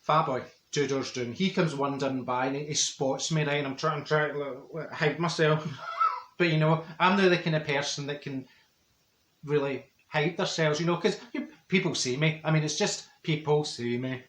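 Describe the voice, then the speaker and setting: Brief: a man as a gossiping Glaswegian auntie, broad dialect, higher voice, echoey room. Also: moderate pace, a bit bright, lightly acted. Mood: gossipy. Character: chatty middle-aged Glasgow woman, blunt people person. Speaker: comedy character monologue. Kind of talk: character comedy monologue.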